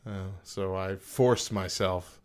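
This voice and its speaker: A man's voice: sits low, steady tone, slow, slight background noise. A man co-hosting a casual podcast chat, playful and teasing, who laughs often and is from the southern United States. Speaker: podcast co-host.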